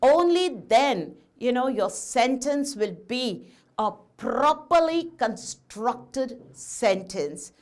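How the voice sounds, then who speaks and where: A woman teaches grammar to children in a high, sing-song voice that rises and falls a lot. She speaks slowly and patiently. She poses each question and then answers it for the class. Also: lively intonation, a little mellow. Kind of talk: classroom lesson addressing children.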